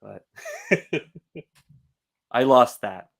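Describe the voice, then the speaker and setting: A man co-hosting a comic book podcast, making animated, jokey asides in casual chat. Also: mid-range voice, very slow, gravelly. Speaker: podcast co-host.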